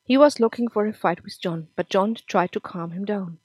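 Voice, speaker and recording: A woman narrating a serialized story podcast in a measured, emphatic reading. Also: on the low side, a little mellow, no echo. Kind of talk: scripted audiobook narration.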